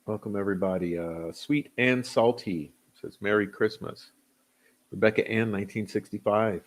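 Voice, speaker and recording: Here a livestream host with a somewhat low voice talks at a moderate pace. It's loose, casual chat: he reads viewers' names from the chat, greets them, and wanders along with chuckles and fillers.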